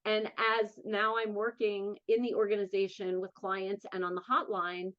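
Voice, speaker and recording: Speaking in a medium pitch with little rise and fall, a woman with a New Jersey accent appears as an interview guest and advocate. She tells her own story candidly and with emphasis, earnest and speaking in quick bursts. The recording sounds muffled.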